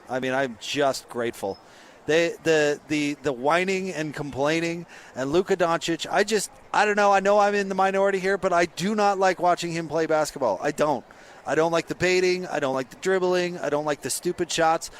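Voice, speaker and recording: A man hosting a sports radio show, giving blunt, sarcastic opinions in an animated rant. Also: fairly high pitch.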